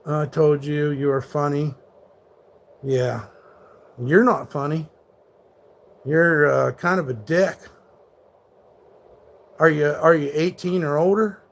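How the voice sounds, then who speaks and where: A man in his thirties streams live, answering his chat in a fairly high voice. He talks back hard at trolls, swearing freely and sounding combative. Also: steady tone, takes it slowly, long pauses. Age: 30s. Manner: combative, profane, rants back at hecklers. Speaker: livestreamer.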